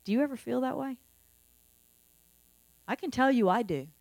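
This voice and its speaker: With vocal fry, a darkish tone, and a voice on the high side, a middle-aged woman pastor gives a sermon at normal speed with lively intonation. She's earnest and conversational, returning to repeated phrases. The close, echo-free recording carries a faint mains hum.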